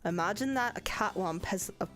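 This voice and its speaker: A woman voicing a stern older male magic professor with a put-on British accent, lecturing slowly and solemnly. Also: medium pitch, a bit bright, soft background music, pitched below the performer's own voice, lightly acted.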